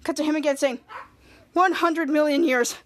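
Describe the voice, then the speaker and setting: A woman's voice: high-pitched, fairly even intonation, moderate pace, natural voice. Woman quoting a terse young superhero. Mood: focused.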